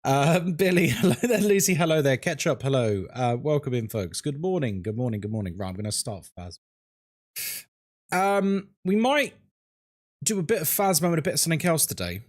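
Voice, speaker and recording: A man hosting a casual live stream of a horror game, greeting viewers one by one with quick jokes. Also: on the high side, very animated.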